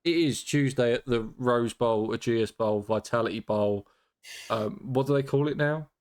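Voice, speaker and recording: A man hosting a casual cricket podcast, talking with dry, deadpan humour and plenty of ums. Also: medium pitch, moderate pace. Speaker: podcast host.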